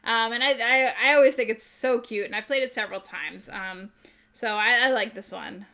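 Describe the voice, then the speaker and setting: Bright-voiced woman chatting about board games. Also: on the high side, moderate pace. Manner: chatty, rambling, reads out viewer chat. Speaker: board game channel host. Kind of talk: casual chat showing new games.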